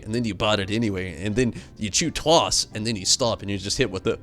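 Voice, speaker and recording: A young man streaming a game, rambling through animated stories and chatting with viewers at a desk mic. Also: lowish voice, fairly quick, hardly any pauses, soft background music. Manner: rambling, animated storytelling with swings into loud outbursts; reads out and answers viewer chat. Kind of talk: casual live-stream commentary.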